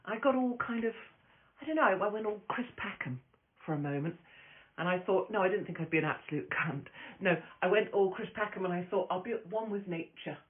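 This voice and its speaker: With a medium-pitched, lively, brisk voice, a woman comic hosts a laid-back phone live stream. She's brash and crude, hops from story to story, and laughs often, all in tinny phone audio.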